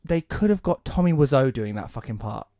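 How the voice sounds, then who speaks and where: A man co-hosting a casual podcast chat, ranting in an animated way and swearing a lot. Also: mid-range voice, brisk, no room sound, studio quality. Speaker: podcast co-host. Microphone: podcast mic.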